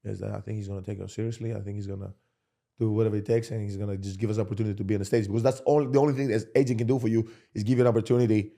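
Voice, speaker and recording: A man's voice: fairly low pitch, rapid-fire, vocal fry. Laid-back man in casual sports chat. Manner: animated, repeats himself, restarts sentences. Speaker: podcast host, former basketball player.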